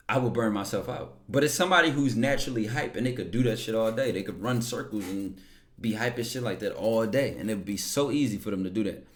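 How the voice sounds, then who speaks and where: Chill guy talking to his stream chat, kinda low voice, rambles and keeps going "right?". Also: expressive, brisk, fairly bright tone. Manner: laid-back, rambling, keeps checking in with "right?". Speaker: livestream host. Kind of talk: casual chat to a live audience.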